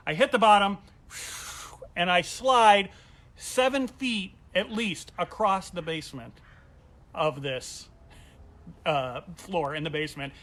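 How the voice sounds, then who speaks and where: A man telling a funny personal story in a casual comedic way, acting out the voices with big jumps in pitch and volume. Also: a bit bright. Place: home during quarantine.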